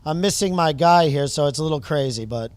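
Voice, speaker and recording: A man hosting a podcast, asking questions in a rambling, halting, enthusiastic way. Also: a little high, clear, resonant tone, no echo. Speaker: podcast host. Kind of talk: casual podcast interview.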